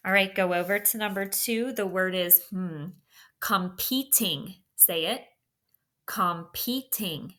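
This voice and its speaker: A female teacher leads a slow, deliberate spelling dictation, saying each word, putting it in a sentence, then going over the marking. Her voice is mid-range with a sharp tone.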